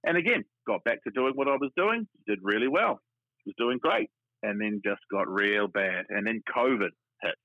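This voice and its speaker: A man's voice: lowish voice, animated, moderate pace, no echo. A man, telling his own story frankly and chattily as an interview guest. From New Zealand. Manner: frank, chatty, many restarts. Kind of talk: casual personal storytelling. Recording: tinny phone line, dry.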